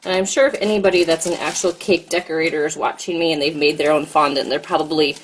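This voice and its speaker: Brief: American woman, mom host, low-ish voice, chatty live-stream cooking talk with faint background noise. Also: fairly even intonation, fast. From United States. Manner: chatty, talks to viewers and kid at once. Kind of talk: casual live-stream chat while cooking.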